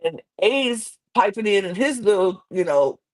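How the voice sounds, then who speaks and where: A woman's voice: mid-range voice, measured pace. A woman co-hosting a podcast and recapping a reality show in loose, rambling chat, acting out the cast's lines in character voices. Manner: animated, acts out islanders' lines in character voices; rambling, admits she goes off track. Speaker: podcast co-host.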